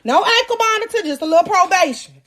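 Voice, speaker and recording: High-voiced woman telling a slangy story. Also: quick pace. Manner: slangy and animated, keeps addressing the crowd. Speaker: podcast host. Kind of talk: live storytelling to an audience.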